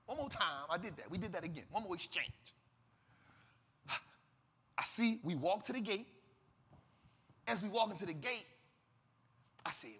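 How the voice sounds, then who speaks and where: A man host telling a story dramatically to an audience, acting out the dialogue and swinging between loud and hushed. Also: high-pitched, animated, moderate pace, long pauses, slightly rough, long reverb tail.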